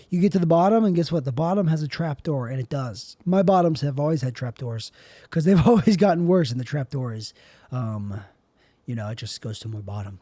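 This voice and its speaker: Young male podcast host, rambling solo talk, somewhat high but mellow voice, dry sound. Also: no echo. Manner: rambling, repeats and rewords himself.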